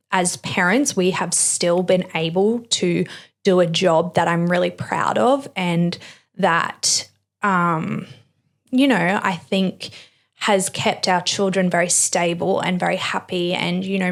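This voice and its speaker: A young woman hosting a podcast, talking in an earnest, heartfelt monologue. She is emotional and close to tears, with plenty of "like" and "you know". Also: fairly low pitch. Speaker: podcast host. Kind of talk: personal reflective monologue.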